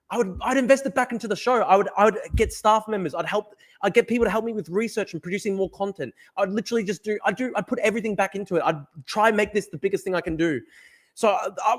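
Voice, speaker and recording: A young man hosting a livestream from his desk, talking in a fired-up, profane, rambling way as he reads chat. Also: sits high. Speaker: livestream host. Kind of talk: casual livestream talk reading chat. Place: at a desk at home. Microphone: desk camera mic.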